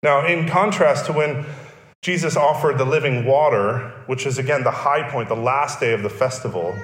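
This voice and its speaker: A man's voice: medium pitch, moderate pace. A male pastor preaching a sermon, explaining and repeating key phrases for emphasis. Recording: echoey church hall.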